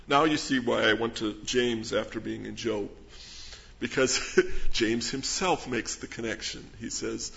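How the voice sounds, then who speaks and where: Male pastor, earnest sermon, rhetorical questions, scripture reading, mid-pitched voice, muffled lo-fi sound. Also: animated, unhurried, gravelly, fairly bright tone.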